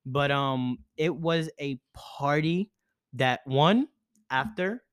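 A young man hosting a podcast, telling a party story in a casual, animated way, with lots of filler words and some swearing. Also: fairly high pitch, slow, clear, resonant tone. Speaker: podcast host. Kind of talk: casual chat.

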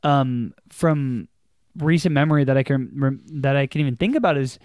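A man's voice: medium pitch, normal speed, darkish tone, dry recording, clean studio sound. A man in casual conversation as a podcast co-host, giving brief, agreeable replies. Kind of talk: casual chat about movies.

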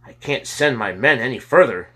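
A man voicing a worried fire chief in a storybook, speaking loudly with fear in his voice. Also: mid-range voice, animated, moderate pace, husky, voice pushed up. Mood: fearful. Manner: loud and fearful.

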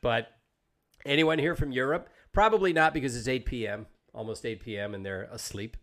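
A man's voice: medium pitch, fairly quick. Chatty Southern-raised man hosting a podcast. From Southern United States. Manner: relaxed, joking, chatty with live viewers. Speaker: podcast host. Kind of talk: casual interview chat.

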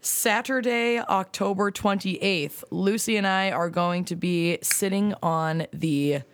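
A woman's voice: mid-range voice, takes it slowly. A woman co-hosting a podcast, chatting casually and laughing often. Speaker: podcast co-host. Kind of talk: casual chat.

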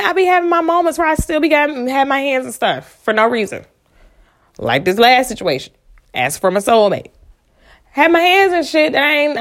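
A woman giving casual motivational talk, frank and animated with lots of profanity, sometimes dropping into a hushed whisper. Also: a little high. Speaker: vlogger and spiritual speaker.

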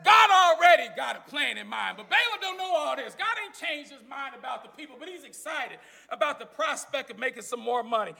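Give me a man preaching with call-and-response, gravelly and sharp-voiced. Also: very high voice, animated, fairly quick, hardly any pauses. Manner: call-and-response, folksy storytelling. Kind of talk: sermon.

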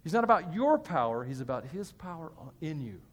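A man's voice: on the high side, big pitch swings, fairly quick. A male pastor giving a sermon in a church, chatty and joking with the congregation between points. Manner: conversational, joking asides to the congregation. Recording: hall reverb.

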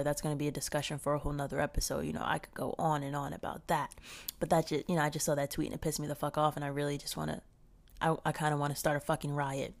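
A low-pitched woman hosting her own podcast alone. She talks bluntly and heatedly, with plenty of swearing. It sounds like a casual solo show recorded on a home mic. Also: darkish tone. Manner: profane, fired-up and blunt. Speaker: podcast host.

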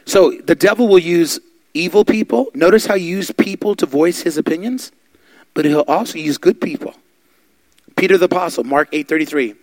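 A man preaching a sermon, fervent and building to loud exhortation. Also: a little high, normal speed, long pauses, no echo.

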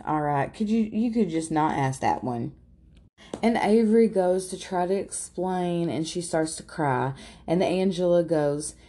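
A woman's voice: on the low side, warm tone. A woman casually recapping a reality show in a blunt, profane, gossipy manner.

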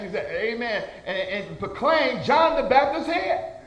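A man's voice: very high voice, very animated, normal speed, a bit bright. A male pastor preaching a sermon, calling out amen after amen, with folksy phrasing and stammered restarts. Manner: call-and-response preaching, frequent amens. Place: church sanctuary. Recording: echoey church room.

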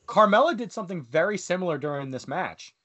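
A man's voice: high voice, expressive, quick pace, fairly bright tone, highs cut off. A man co-hosting a casual wrestling chat, rambling and full of fillers. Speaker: podcast co-host.

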